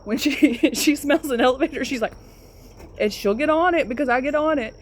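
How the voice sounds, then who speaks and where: Young woman, high voice, chatty storyteller who laughs a lot; faint noise behind her. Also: a little fast. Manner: laughing often through the story. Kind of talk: casual storytelling.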